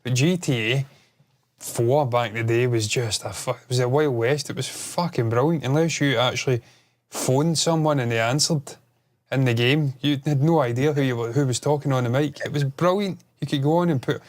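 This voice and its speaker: A man, co-hosting a casual gaming chat, animated and sweary, prone to rambling. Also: medium pitch, moderate pace. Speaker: podcast co-host.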